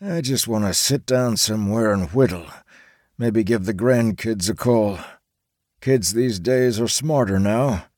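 A man's voice: on the low side, a little slow, darkish tone, no room sound, studio quality, pitched above the performer's own voice, close to an everyday voice. A man voicing a blunt, grumpy old grandfather in an audiobook. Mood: weary. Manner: blunt, matter-of-fact. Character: grumpy old grandfather who dislikes talking. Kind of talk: audiobook character voice.

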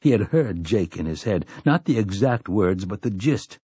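Low, husky male storyteller. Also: animated, dark tone, no echo. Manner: measured storytelling. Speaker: audiobook narrator. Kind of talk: scripted narration.

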